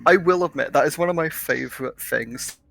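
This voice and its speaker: A man's voice: on the high side, creaky, fairly bright tone. A British man joking and laughing with friends while streaming a game. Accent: British English. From Britain. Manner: joking, laughs often, quick comebacks. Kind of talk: casual gaming banter.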